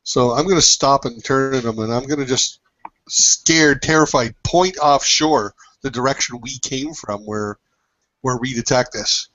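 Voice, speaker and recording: A man playing a tabletop game, describing his character's fearful actions in a halting way. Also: medium pitch, a bit bright. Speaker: player. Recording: lo-fi audio.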